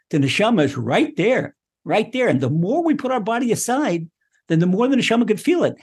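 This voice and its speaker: A man teaching a Torah class, animated, often repeating words and acting out the speech he quotes. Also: sits high, breathy edge.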